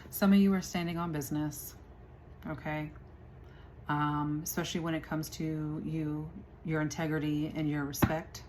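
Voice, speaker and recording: A woman's voice: deep voice, little pitch movement, moderate pace, background noise. A woman giving a casual tarot reading, chatty and laughing often as she talks to her viewers. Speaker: tarot reader.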